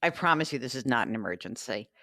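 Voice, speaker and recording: A woman hosting a radio show about money, telling a story and reading listener mail in a chatty, animated way. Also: a bass voice, fast, dry recording, clean studio sound. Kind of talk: casual radio talk.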